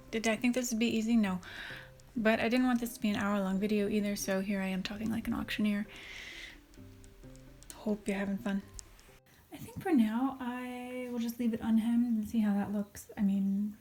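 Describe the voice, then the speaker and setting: A chatty woman talks through her sewing project in a casual vlog. Her voice sits a little high, and she jokes at her own expense. She keeps slipping into soft, half-whispered asides between steps. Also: normal speed, faint music behind. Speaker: sewing vlogger.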